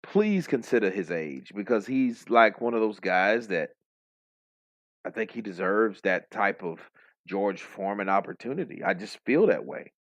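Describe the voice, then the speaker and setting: Excitable, profane boxing stream host. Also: male voice, fairly low pitch, moderate pace, dry recording. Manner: excitable, profane, joking banter. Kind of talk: live stream fight commentary.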